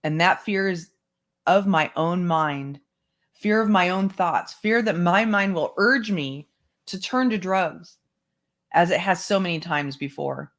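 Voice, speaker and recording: A book club host reading a memoir aloud at a measured pace, with brief asides to listeners. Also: medium pitch, fairly bright tone. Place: home setup, online stream.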